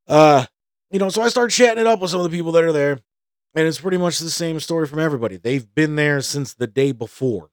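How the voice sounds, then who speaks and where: A fairly high-voiced man hosting a talk show, telling a story loosely and getting heated as he goes. He swears freely and acts out what each person said. The sound is close and dry, with no room around it. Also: fairly quick, no echo. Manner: profane, heated, acts out both sides of conversations. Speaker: podcast host. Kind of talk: casual storytelling monologue.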